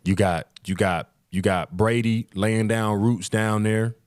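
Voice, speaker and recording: Host, easygoing and cocky, low voice, dry close mic. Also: male voice, fairly even intonation, unhurried, no room sound. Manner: boastful, laid-back banter with laughs. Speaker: show host. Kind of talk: casual sports chat.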